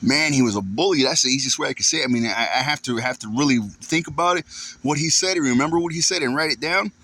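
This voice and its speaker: A man's voice: mid-range voice, fast, bright, forceful tone, poor audio. A man casually telling a long story outdoors into a handheld phone camera, rambling, repeating himself and swearing as he goes. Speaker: vlogger.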